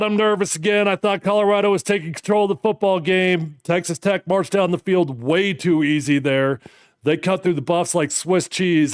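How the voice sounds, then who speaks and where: A man in his thirties hosting a live watch party, reacting to a football game with animated, fired-up commentary. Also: on the high side, clear, resonant tone, no echo, studio quality. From United States.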